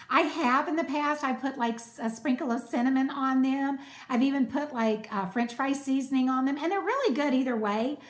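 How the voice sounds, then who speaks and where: A woman chats casually on a live stream, reading and answering viewer comments. Her voice is high and soothing. The room around her is noticeably echoey. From United States. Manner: chatty, warm thanks to viewers, reads comments aloud. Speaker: cooking channel host.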